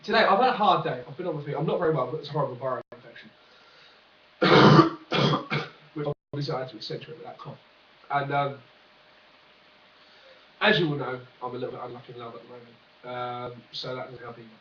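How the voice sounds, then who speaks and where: A man's voice: mid-range voice, fast talker, fairly bright tone, reverberant, recorded from a distance, dull audio, slight background noise. A man vlogging in a rambling comic monologue, full of jokey, sarcastic asides.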